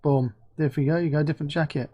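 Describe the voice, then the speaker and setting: A man hosting a casual screen-recorded software review, chatty and excitable, thinking aloud as he clicks through. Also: fairly high pitch, fast talker. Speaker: game asset reviewer.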